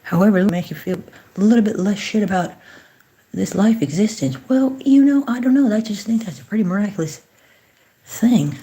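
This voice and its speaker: A woman hosting a casual livestream, chatting to viewers, giving blessings and greetings, and often dropping into soft whispered asides. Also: medium pitch, lively intonation, brisk. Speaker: livestream host.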